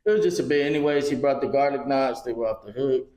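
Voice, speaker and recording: A man's voice: medium pitch, fast, a little mellow. A man co-hosting a podcast, telling a story casually, acting out the dialogue and swearing freely. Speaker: podcast co-host. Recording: roomy echo.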